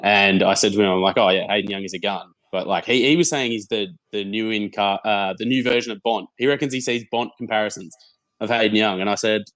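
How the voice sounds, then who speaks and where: Low-voiced young Australian man, lively storyteller. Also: brisk, dry recording. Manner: animated storyteller, laughs often, stumbles and repeats words. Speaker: guest, football content creator. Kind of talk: casual podcast chat.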